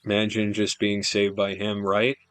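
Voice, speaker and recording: A man's voice: fairly low pitch, completely flat delivery, moderate pace, fairly bright tone, clean tone, faint music behind. A man streaming a video game live, chatting casually and rambling between remarks, with an easy, offhand swear here and there.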